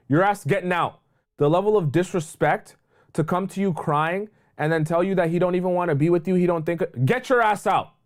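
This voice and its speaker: A man hosting a live dating advice call-in show, ranting loudly and crudely mocking a caller's ex with drawn-out emphatic lines. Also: high-pitched. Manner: loud, mocking, crude rants. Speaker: dating coach host.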